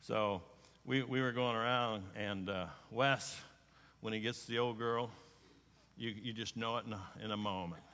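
A middle-aged male pastor preaches in a folksy, homespun way, often doubling his words as he goes. His voice is bright and forceful. It rings with long reverb through a large church hall. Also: lowish voice, steady tone, normal speed. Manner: folksy, repeats words as he talks. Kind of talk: sermon with personal storytelling.

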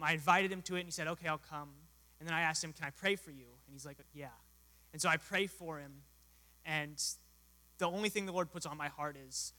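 A man's voice: on the high side, bright, forceful tone. A young adult man telling an earnest testimony as a mission volunteer, acting out the dialogue. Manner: earnest storyteller, acts out dialogue. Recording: hall reverb.

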